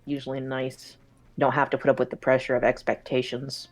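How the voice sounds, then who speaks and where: A woman co-hosting a game commentary, calm and wry. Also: very deep voice, fairly quick, soft background music. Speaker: commentary co-host. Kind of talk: casual let's-play banter.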